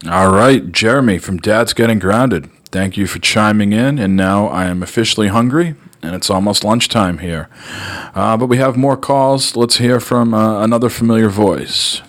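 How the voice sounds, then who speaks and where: A man with a lowish voice hosts a podcast and introduces callers. He keeps it upbeat and casual. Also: normal speed. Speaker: podcast host.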